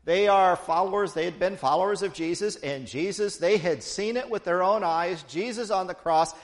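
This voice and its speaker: A man's voice: sits high, normal speed. A man preaching a sermon, retelling a story with playful asides to the congregation.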